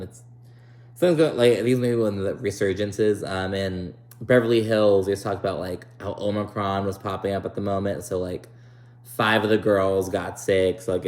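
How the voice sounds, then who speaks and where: A man's voice: lowish voice, a little mellow, roomy sound. A man casually recapping a reality TV show, opinionated and profane, with lots of "like" and "um". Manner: chatty, profane, opinionated, full of likes and ums.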